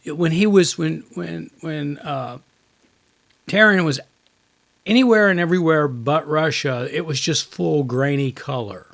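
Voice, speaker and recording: A man's voice: a little high, a little slow, gravelly, a bit bright. A man co-hosting a podcast in casual chat, a rambling storyteller who laughs often. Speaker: podcast co-host.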